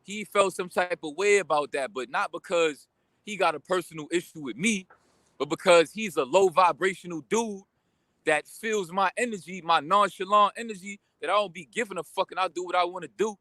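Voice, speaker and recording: A young man rants through a storytime vlog in a bright, forceful voice, pitched a little high for a man. He talks loose and slangy, piling on quick asides as he vents. The sound is close and dry, with almost no room around it. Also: no echo. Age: young adult. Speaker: vlogger. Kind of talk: casual storytime rant.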